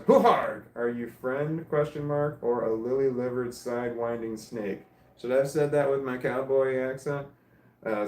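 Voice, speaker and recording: A man's voice: mid-range voice, darkish tone, reverberant, a little hiss or hum. A man casually reading live stream comments aloud and musing on each one. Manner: reads comments aloud and muses on them.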